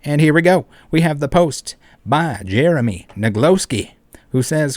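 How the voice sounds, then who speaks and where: A man's voice: a little high, expressive, unhurried, a little mellow, no echo. A man hosting an online commentary video, ranting in an indignant, profane, emphatic way. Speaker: commentary channel host.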